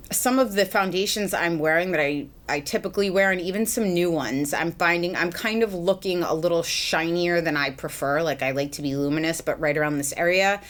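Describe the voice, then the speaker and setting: A woman's voice: on the low side, fairly bright tone. A woman in her thirties from the US, chatting casually while doing her makeup at home, rambling with fillers and little laughs. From United States. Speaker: beauty vlogger. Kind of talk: chatty get-ready-with-me vlog. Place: home, at a mirror, indoors.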